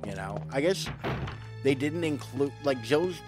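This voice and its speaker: A man's voice: mid-range voice, lively intonation, measured pace. A man streaming a video game, chatting casually and rambling as he plays. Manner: rambling, self-correcting, chatty. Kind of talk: casual gameplay commentary. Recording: game music playing behind.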